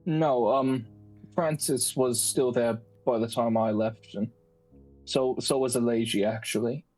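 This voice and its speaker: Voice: mid-range voice, fairly even intonation, measured pace, a little mellow, soft background music, lightly acted, low-quality recording. A game master voicing a nervous, brawny, wide-eyed man who stammers and hesitates through his answers in a tabletop game. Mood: evasive. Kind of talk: tabletop role-play character voice.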